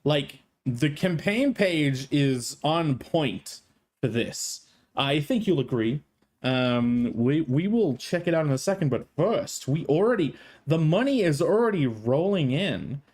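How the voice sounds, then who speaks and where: A man's voice: on the high side, lively intonation, slow, a little mellow. A male streamer with a strained throat, chatting in a playful, jokey way and swearing freely. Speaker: streamer, host. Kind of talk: casual live-stream chat.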